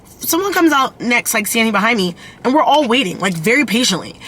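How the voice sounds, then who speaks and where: A woman's voice: on the high side, lively intonation, quick pace, hardly any pauses, sharp tone, a little hiss or hum. A young woman vlogging casually into her phone camera, chatty and blunt, swearing freely. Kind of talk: casual vlog talk to camera.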